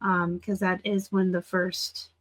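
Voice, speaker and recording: A woman in her forties hosting a reseller channel, chatting casually and excitably as she looks over sold listings. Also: fairly low pitch, slow pace. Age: 40s. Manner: chatty and excitable, gushing over items and teasing seller titles. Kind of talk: casual screen-share commentary.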